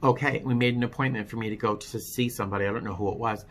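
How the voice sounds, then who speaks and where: A man telling his own story in a personal testimony vlog, candid and wry, often halting and restarting his sentences. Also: fairly low pitch, steady tone, fairly bright tone, slight background noise.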